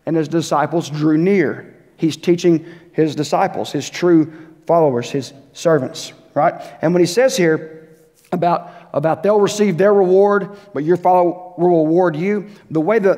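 A man's voice: fairly high pitch, darkish tone. A man preaching a sermon as pastor, conversational and questioning the congregation directly. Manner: conversational, asks the church questions, voices short quotes. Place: church sanctuary. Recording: long hall reverb.

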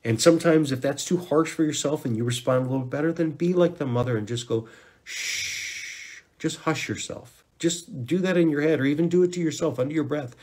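Husky-voiced man hosting a health podcast. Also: fairly high pitch, quick pace, hardly any pauses. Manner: rambling and conversational, with hushed counting and shushing during breathing guidance. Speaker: natural health podcast host. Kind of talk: casual health podcast talk.

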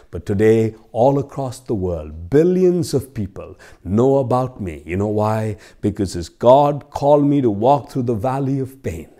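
A man playing an ordinary humble carpenter who speaks solemnly and slowly. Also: warm tone, lightly acted. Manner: solemn, slow, low-voiced.

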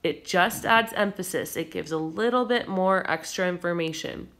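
Patient woman teacher, low-pitched. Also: normal speed, fairly bright tone. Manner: clear, patient explaining with fillers. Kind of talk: recorded grammar lesson.

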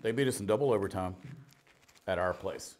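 A middle-aged man preaching a sermon, telling stories in an animated way, swinging between loud and hushed. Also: on the low side, a little fast. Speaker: pastor. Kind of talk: storytelling sermon.

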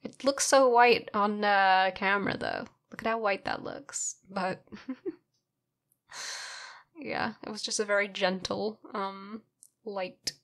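A sleepy woman talks slowly through her painting process in a relaxed voice-over. Her voice sits at an ordinary middle pitch, and she keeps the commentary playful and teasing toward herself. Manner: playful, self-mocking, chatty. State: sleepy, recently woken. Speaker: artist narrating her painting.

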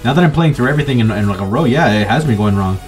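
A man's voice: medium pitch, expressive, racing. A man giving casual gameplay commentary, frustrated, swearing, and talking himself down. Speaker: gaming video creator. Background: faint game music.

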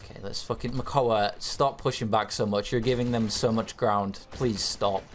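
A man's voice: on the low side, steady tone, moderate pace, a little hiss or hum. A young man giving live commentary over his own game, swearing and urging his team on. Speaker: gamer streaming commentary.

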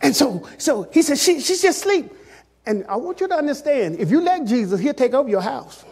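A man preaching a sermon as pastor, calling out to the congregation and swinging between loud shouts and hushed, quiet passages. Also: very high-pitched, big pitch swings, brisk.

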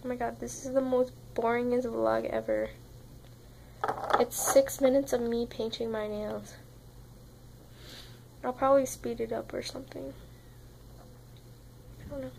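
A woman's voice: on the high side, fairly even intonation, unhurried, gravelly, pauses often, darkish tone, a little hiss or hum, poor audio. A young woman vlogging in a rambling, casual chat to camera, swearing constantly and sounding tired. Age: young adult.

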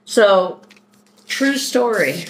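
A woman's voice: medium pitch, lively intonation, a little hiss or hum, rough recording. A woman from Philadelphia chatting casually through a shopping haul, unpacking items as she goes. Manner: chatty, unhurried, talks while unpacking items. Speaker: vlogger doing a shopping haul. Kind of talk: casual haul video chat.

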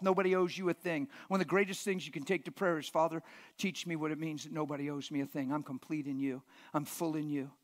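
A man preaching a sermon in a church, emphatic and impassioned, sometimes shouting and sometimes dropping almost to a whisper. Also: fairly high pitch.

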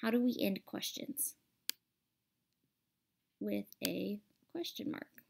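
A woman's voice: medium pitch, expressive, slow pace, creaky, noisy background. A woman teacher explaining a grammar lesson patiently and step by step over a screen recording.

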